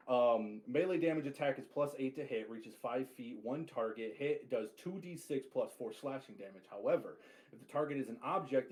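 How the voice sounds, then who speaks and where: A man's voice: a little high, a little mellow. A man narrating a tabletop game as game master, casual, often swearing and correcting himself mid-sentence.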